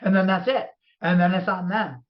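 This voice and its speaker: A woman's voice: lowish voice, steady tone, moderate pace. Riled-up woman rambling on a podcast. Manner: heated, rambling, many restarts. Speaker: podcast co-host. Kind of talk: casual podcast chat. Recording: dull lo-fi sound.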